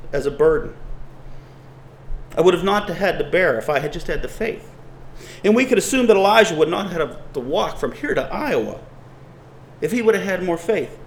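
A man's voice: high voice, vocal fry, a little hiss or hum, low-quality recording. A man preaching a sermon, earnest and building emphasis as he reads scripture.

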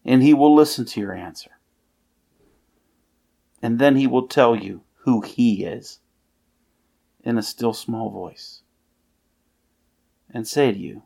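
A man's voice: mid-range voice, slow pace, gravelly, pauses often, mellow. A man preaching a sermon, earnestly reading scripture aloud with emphasis.

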